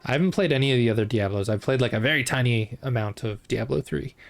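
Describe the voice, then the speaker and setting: A man streams a game and chats easily with his viewers, his voice sitting at an ordinary pitch with a gravelly edge. His tone is relaxed and unhurried, a casual running commentary as he plays. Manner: laid-back, chatting with viewers while playing.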